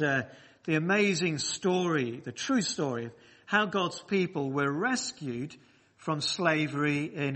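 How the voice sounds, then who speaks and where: A man with a slightly high, sharp voice preaches a sermon, speaking straight to the people in the church. He is emphatic and repeats phrases for weight.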